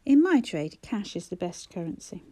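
A gallant local shopkeeper , read by a woman speaks with a mellow, soft tone. He is courteous and lightly teasing in an audiobook scene. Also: medium pitch, sing-song, moderate pace, dry recording. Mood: friendly. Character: local man, shop owner, gallant and chatty.

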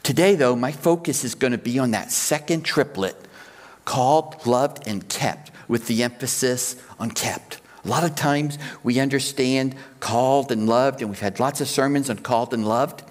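A man's voice: medium pitch, moderate pace, hardly any pauses, long reverb tail. A man preaching a sermon as pastor, explaining his points step by step and counting ideas out in threes.

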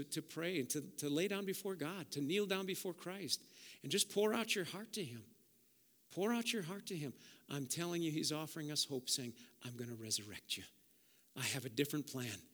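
Bright-voiced impassioned male preacher. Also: a little high. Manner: impassioned, rising to loud peaks, then soft and prayerful. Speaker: pastor. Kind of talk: sermon with altar call. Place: church sanctuary with long reverb. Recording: reverberant church hall.

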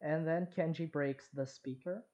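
A man co-hosting a podcast in casual chat, slowly recapping an episode. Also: a little high, fairly even intonation, a little mellow, highs cut off. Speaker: podcast co-host.

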